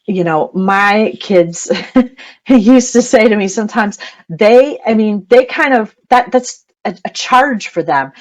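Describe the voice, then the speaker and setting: A middle-aged woman presenting an educational webinar as a parent coach, chatty and laughing often between her points. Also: medium pitch. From United States. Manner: chatty, frequent ums and laughs.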